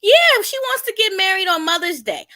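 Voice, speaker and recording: A woman's voice: extremely high pitch, lively intonation, normal speed, bright, forceful tone, dry recording. A woman on a chat panel, brash, slangy and outspoken. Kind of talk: casual panel chat about a reality show.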